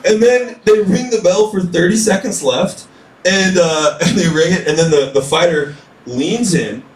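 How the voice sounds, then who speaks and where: A man's voice: a little high, moderate pace. A man from a small town doing a stand-up routine, chatty, leaning on "like" and acting out quotes. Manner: chatty, leans on "like", acts out quotes. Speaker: stand-up comedian. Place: comedy club stage. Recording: echoey club room heard from far off.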